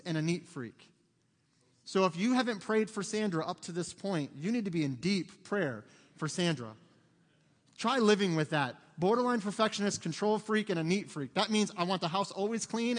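A high-voiced male pastor preaches in a church with a long, ringing reverb. He tells funny stories against himself and acts out the lines of the people in them. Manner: humorous, self-mocking storytelling with acted-out quotes. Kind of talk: sermon. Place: church sanctuary.

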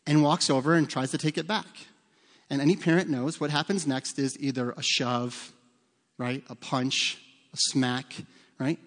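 A man's voice: medium pitch, steady tone, unhurried, a bit bright. A middle-aged man preaching a sermon as pastor, talking to the congregation in a conversational, humorous storytelling way with asides to the listeners. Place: church sanctuary. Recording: long hall reverb.

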